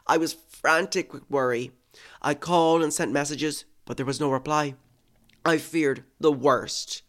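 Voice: mid-range voice, measured pace. Someone reading a first-person true story aloud, with sarcastic asides and swearing between passages. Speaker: story reader.

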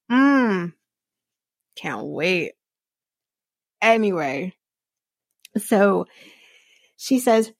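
A woman hosts a podcast, recapping a reality show in casual, sarcastic chat full of blunt profanity. Her voice sits at a middling pitch and sounds dry and close, with no room around it. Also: husky, no echo. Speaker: podcast host.

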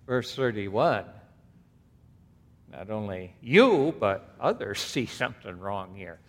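A male pastor preaches slowly and deliberately, his pitch swinging widely as he stresses key words. He reads scripture aloud and then steps aside to comment. The voice carries with a long reverb, as in a church sanctuary. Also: very animated, a bit bright. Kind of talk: expository sermon.

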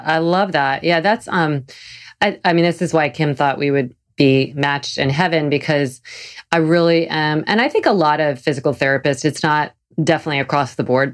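A woman with a notably low voice hosts a casual interview as a physical therapist. She is chatty and enthusiastic, quick to agree before she asks her next question. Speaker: physical therapist and podcast host.

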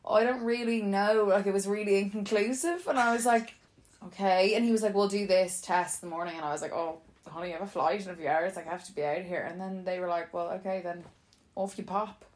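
A woman's voice: medium pitch, fairly even intonation, quick pace, a little mellow. A young woman animatedly telling a funny personal story in casual chat, often breaking into laughter.

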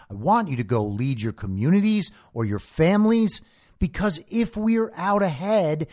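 A male podcast host delivers a commentary monologue in a lively, animated voice. His pitch moves around a lot and sits a little above average, and his tone is pointed and sarcastic.

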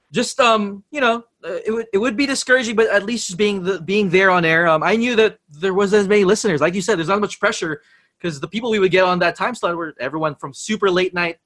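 A young man with a high, light voice chats about his radio days. He tells stories with energy, laughs often and slips into other people's voices. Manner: animated storyteller, laughs often, mimics voices. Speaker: radio DJ and podcast guest. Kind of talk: casual chat.

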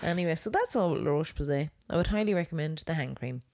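A woman with a lowish voice, recorded dry and close to the mic. She chats playfully on a podcast and laughs often. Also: lively intonation, fast, mellow, no echo. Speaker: podcast co-host. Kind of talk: casual chat.

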